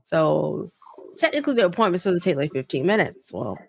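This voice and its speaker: A young woman on a podcast, telling a story in a loose, profane, animated way and acting out both sides of each exchange. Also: fairly low pitch, fairly quick, gravelly, slightly rough, no echo. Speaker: podcast co-host. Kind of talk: casual storytelling chat.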